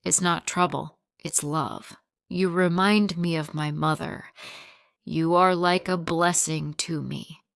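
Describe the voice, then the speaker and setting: A woman reading a gentle police officer. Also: low-pitched, steady tone, takes it slowly, gravelly, clear, resonant tone, dry recording, clean studio sound, heavily acted. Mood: caring. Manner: gentle, comforting, simple sentences. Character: kind middle-aged male police officer.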